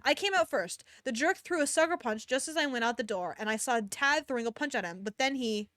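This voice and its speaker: A hot-headed teenage greaser boy who yells and curses, read aloud by a woman. His high-ish voice jumps around a lot and sits close and dry on the mic. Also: animated, a little fast, no echo. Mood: pained. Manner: shouting, swearing.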